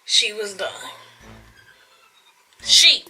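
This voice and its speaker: Very bright-voiced young woman telling a story. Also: mid-range voice, animated, drawn-out words, creaky, husky, faint music behind, poor audio. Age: young adult. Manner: dramatic retelling with slang and sound effects. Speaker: vlogger. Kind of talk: storytime vlog. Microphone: phone camera.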